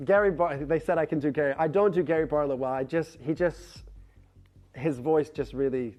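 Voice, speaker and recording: A man's voice: on the high side, normal speed, a little mellow. A Canadian man co-presenting jewellery on live television, chatty and self-deprecating, laughing easily. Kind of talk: live TV chat.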